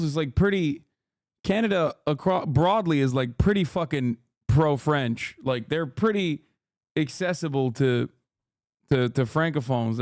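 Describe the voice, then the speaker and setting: A man's voice: fairly high pitch, no echo, studio quality. A man streaming live, reacting in casual chat, incredulous and profane as he reads out chat messages.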